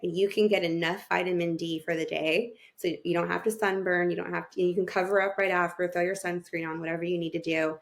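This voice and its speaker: This family therapist has a fairly low, creaky voice with a level tone, talking fast and barely pausing. On a podcast, she shares her personal story openly and emotionally, voicing what went through her mind at the time.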